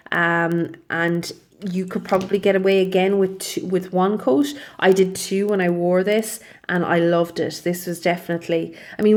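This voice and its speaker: A woman's voice: lowish voice, darkish tone. A young woman chatting casually through a nail polish review, rambling and often correcting herself mid-sentence. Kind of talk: casual product review vlog.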